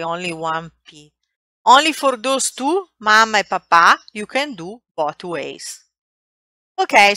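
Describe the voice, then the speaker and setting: A woman with an Italian accent, a native Italian speaker, teaching a language class with patient explanations and slowly drawn-out example words. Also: mid-range voice, bright, forceful tone, no echo.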